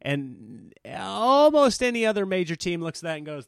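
Guy comedian doing a podcast rant, self-deprecating, kinda high voice, dry mic. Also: normal speed, gravelly, few pauses, clean tone, dry recording. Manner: animated, self-deprecating, swings into mock voices. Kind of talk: casual solo podcast rant.

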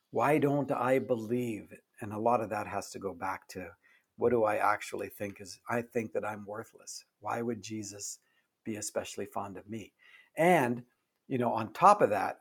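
An older man speaking as an author in an interview, telling stories earnestly and haltingly, often dropping his voice low and soft. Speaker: author guest. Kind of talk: reflective interview talk.

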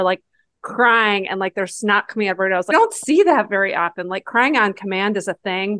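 Woman, podcast co-host, mid-pitched voice, chatty and enthusiastic, dry close sound. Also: fairly bright tone, no room sound. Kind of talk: casual book-club chat.

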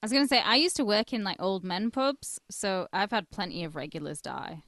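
A woman's voice: mid-range voice, animated, brisk, fairly bright tone, no echo, studio quality. A woman co-hosting a comedy podcast, trading wry, teasing banter in casual chat. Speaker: podcast co-host.

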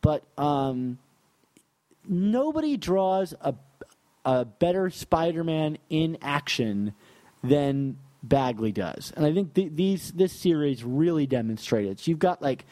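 A man from New York co-hosting a podcast, talking casually and enthusiastically about comics, laughing often and filling pauses with "like". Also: a little high, sing-song, mellow, no room sound. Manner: enthusiastic, laughs easily, many fillers. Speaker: podcast co-host.

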